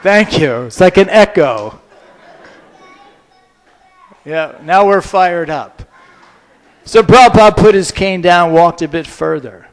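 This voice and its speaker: Animated, playful male storyteller. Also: high-pitched, slow, long pauses. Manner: animated, playful, drives audience participation. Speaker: lecturer. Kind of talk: humorous storytelling lecture.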